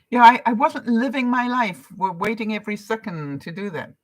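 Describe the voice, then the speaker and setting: A woman's voice: a little high, lively intonation, fairly quick, few pauses. An older woman from Canada, a vlogger chatting casually on a live stream, reading out viewer comments and encouraging them between laughs.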